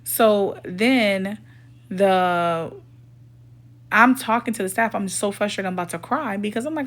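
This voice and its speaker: A storytime vlogger with a mid-range, slightly bright voice speaks at a measured pace. She retells a personal story casually and indignantly, with emphasis, voicing the others' quoted dialogue as she goes.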